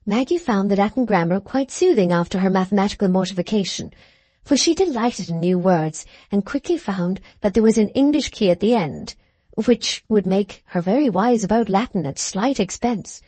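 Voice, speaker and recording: A woman reading a classic novel as an audiobook narrator, in a measured storytelling manner. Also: mid-range voice, lively intonation, warm tone, breathy edge, no room sound. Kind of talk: scripted narration.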